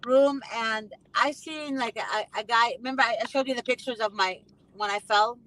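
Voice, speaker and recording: A woman's voice: on the high side, moderate pace, fairly bright tone, low-quality recording. A woman hosting a casual conversation, speaking emphatically and repeating phrases with indignation. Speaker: host.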